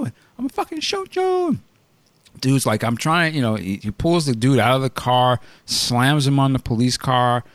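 A man hosting a podcast, retelling a news story in casual chat and acting out quoted shouting. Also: medium pitch, dry recording. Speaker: podcast host.

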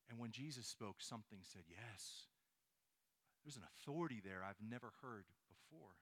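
A man's voice: medium pitch, sharp tone. A man preaching a sermon, asking his listeners rhetorical questions and reading scripture aloud. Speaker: pastor.

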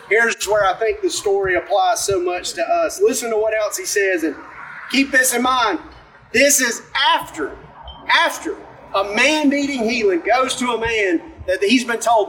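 A man with a strikingly high voice delivers a casual, animated sermon, acting out the story's characters as he goes. He sounds set back from the microphone, with a faint hum of room ambience behind him. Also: normal speed, recorded from a distance, low-quality recording. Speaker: pastor.

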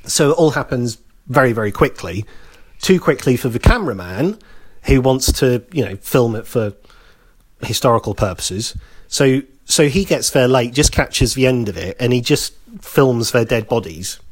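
Brief: male podcast co-host, chatty storyteller, middle pitch, loose and repetitive delivery. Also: animated, normal speed. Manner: conversational, repeats phrases, acts out quoted lines. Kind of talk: casual storytelling chat.

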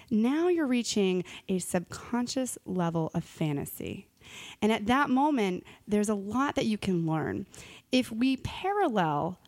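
A woman, a relationship coach, speaking as a studio guest on a radio talk show, earnest and expansive as she explains her ideas. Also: mid-range voice. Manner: earnest, expansive, thinking aloud with small restarts.

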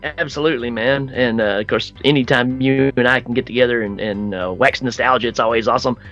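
A man's voice: mid-range voice, fast talker, highs cut off, soft background music. Joking man guesting on a podcast. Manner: joking, rambling, relaxed. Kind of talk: casual podcast chat.

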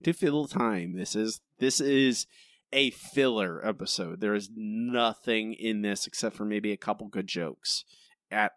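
A man's voice: on the low side, measured pace, fairly bright tone, no echo, clean studio sound. A young man co-hosting a podcast, ranting in a casual, exasperated way and repeating his points. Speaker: podcast co-host.

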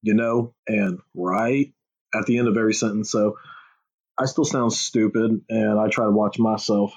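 A man's voice: on the low side, slightly rough. A man with a Texan accent, chatting casually as a podcast host, rambling, swearing freely and poking fun at himself. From Texas. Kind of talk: casual chat. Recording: dull lo-fi audio.

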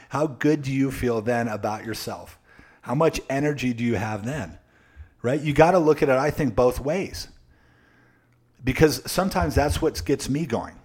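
A man speaks straight to his viewers in a motivational coaching talk. He hammers each point through repetition and keeps checking in with the audience. His pitch sits in the middle range for a man. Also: husky. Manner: emphatic and repetitive, with frequent tag questions; addresses viewers directly. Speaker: sales coach. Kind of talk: motivational live-stream talk.

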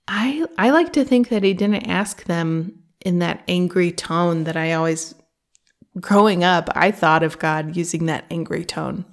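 On her reflective faith podcast, this host speaks in a gravelly, lowish woman's voice. Her manner is earnest and conversational, and she reads book quotes aloud.

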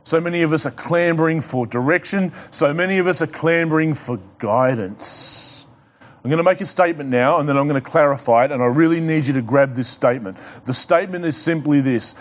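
A man's voice: a little high, a little fast. A male pastor preaching a sermon, repeating his key points, asking the congregation questions and building to urgent exhortation.

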